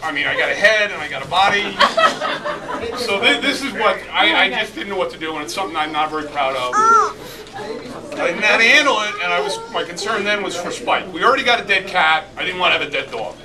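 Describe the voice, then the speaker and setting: A middle-aged man spins a comic story at a reunion party, laughing through it and bursting out loudly at the funny bits. His voice sits very high, and it is picked up from a distance by a camera. A loud crowd talks all around him. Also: big pitch swings, brisk. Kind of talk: animated anecdote told to a crowd.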